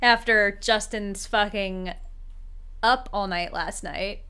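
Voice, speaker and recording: A woman's voice: mid-range voice, slow, pushed and bright, clean tone. A woman co-hosting a show, teasing and joking in casual chat. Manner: teasing, joking, laughs easily. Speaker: podcast co-host.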